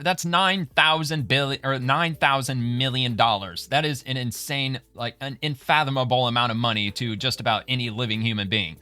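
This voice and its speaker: Bright, smooth-voiced male commentary host. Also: mid-range voice, no echo. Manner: reads posts aloud, then remarks on them conversationally. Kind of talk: casual political commentary.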